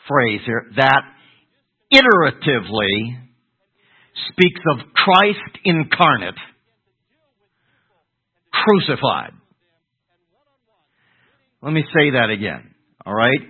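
A man's voice: a little high, big pitch swings, takes it slowly, long pauses, breathy edge. An older man, a pastor, teaching a Bible sermon, putting questions to the congregation and answering them himself. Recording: tinny phone-like radio broadcast.

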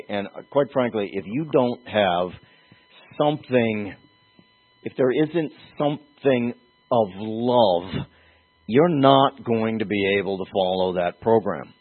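A man preaching a sermon as pastor, earnest and emphatic, with pauses and restarts. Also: on the low side, animated. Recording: tinny phone-like lo-fi sound.

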